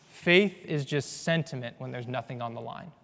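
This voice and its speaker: A man preaching a sermon, earnest, moving between hushed low passages and loud emphatic ones. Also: moderate pace, vocal fry. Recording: long reverb of a large hall.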